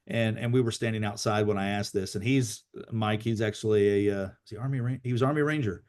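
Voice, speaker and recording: A man's voice: lowish voice, fairly even intonation, fairly quick, hardly any pauses, a little mellow. A man hosting a team video call, telling motivational stories in a casual way, often restarting and repeating his words.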